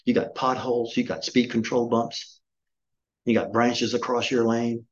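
A middle-aged male pastor delivers a sermon at an ordinary pitch, emphatic and scolding. He drives his points home with pointed rhetorical questions. The recording is a little dull and muffled. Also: little pitch movement, measured pace. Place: church.

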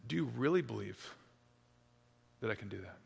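A man voicing a calm, daring male tightrope walker, speaking low and deliberately. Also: gravelly, husky, big-room sound, exaggerated voice. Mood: quiet challenge.

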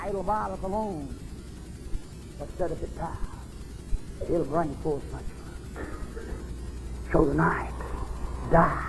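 A man preaching a fervent, folksy revival sermon at a church service, often climbing into shouts. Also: on the high side, unhurried, creaky, long pauses, faint music behind, rough recording.

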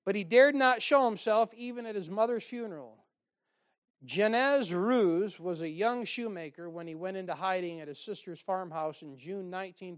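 A man's voice: a little high, clear, resonant tone. Guy preaching, folksy and pushy, cracks little jokes. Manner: folksy, exhorting, with asides and laughs. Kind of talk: sermon.

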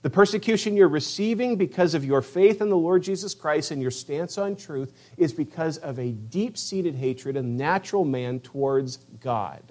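A middle-aged male pastor preaching a sermon with passion, acting out quoted voices and swinging from loud declarations to hushed asides. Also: a little high, animated, normal speed, hardly any pauses.

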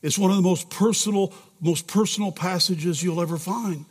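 A man preaches to his congregation in a heartfelt, pleading way, and at times presses with real urgency. His voice sits high for a man. The sound carries the long echo of a large church sanctuary. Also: moderate pace, slightly rough. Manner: emotional, rising to urgent preaching. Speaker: pastor. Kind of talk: sermon.

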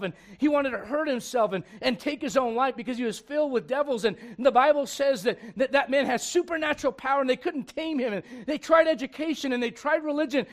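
A male pastor preaching a sermon, animated and humorous, with laughing asides and acted-out quotes. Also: extremely high pitch.

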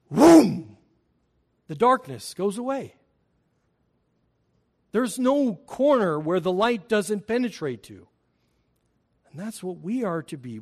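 A man preaching a sermon emphatically, asking the congregation rhetorical questions and swinging between loud and quiet. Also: high-pitched. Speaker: pastor.

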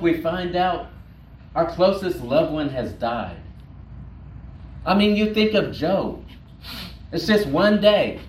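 Man pastor preaching, takes his time, repeats words for weight, echoey church, a bit far from the mic, faint hiss. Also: a little high. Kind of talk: sermon. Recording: roomy echo, distant mic, faint noise.

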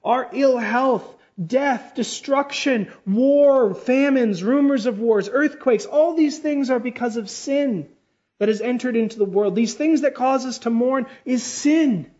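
A man preaching a sermon with fervor, swinging between loud, high exclamations and quiet, low passages and slowly drawing out key words. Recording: dull lo-fi sermon recording.

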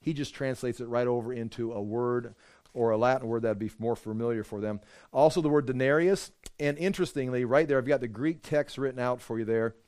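A man's voice: mid-range voice, fairly quick, a little mellow, clear, resonant tone. A man gives an informal Bible lesson in a mid-range voice. He talks loosely, with fillers and false starts, and reads scripture aloud with emphasis. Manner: conversational, with frequent fillers and restarts. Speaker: Bible teacher.

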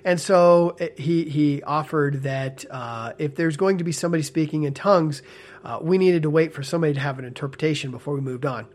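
A man in casual spoken commentary, animated and earnest with a smile in his voice, often checking in with "okay?" and "right?". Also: fairly high pitch, a little fast. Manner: animated, frequent tag questions like "okay?" and "right?"; talks with a smile, amused and earnest. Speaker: ex-church member commentator.

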